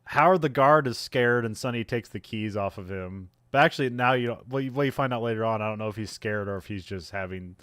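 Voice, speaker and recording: A man's voice: on the low side, fast talker, hardly any pauses, a bit bright, clear, resonant tone, no room sound, clean studio sound. Laughing man recapping a movie. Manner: rambling, laughs often, retells scenes. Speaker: podcast co-host. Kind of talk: casual movie recap chat.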